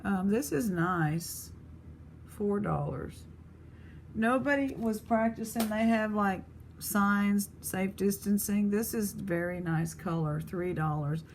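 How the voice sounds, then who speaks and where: A woman's voice: medium pitch, slow, a little hiss or hum. A woman vlogger chatting casually, rambling between stories as she prices jewelry pieces. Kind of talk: casual chat.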